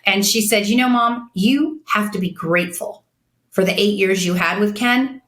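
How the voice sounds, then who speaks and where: A woman's voice: medium pitch, normal speed, fairly bright tone. A middle-aged woman guest on an interview, speaking frankly and bluntly about her life. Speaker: guest, makeup artist and CEO. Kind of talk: casual interview chat. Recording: echoey room.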